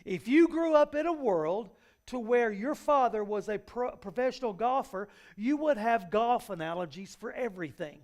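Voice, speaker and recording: A man's voice: very high voice, animated, normal speed. A male pastor giving a conversational sermon, folksy and full of everyday analogies, often restarting his sentences. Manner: frequent repeated restarts. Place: church sanctuary.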